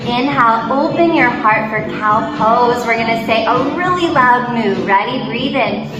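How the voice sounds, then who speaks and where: A high-voiced woman leads a children's yoga class in a slow, gentle sing-song. Her voice rings in a roomy space, with music playing clearly underneath. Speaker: kids' yoga instructor. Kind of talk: guided kids' yoga class. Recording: roomy echo with music behind. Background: background music.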